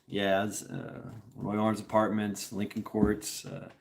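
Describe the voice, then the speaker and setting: A man's voice: lowish voice, monotone, takes it slowly, creaky, a little mellow. A middle-aged man from Tennessee, telling a rambling story to his stream chat, laughing often, swearing freely and restarting his sentences.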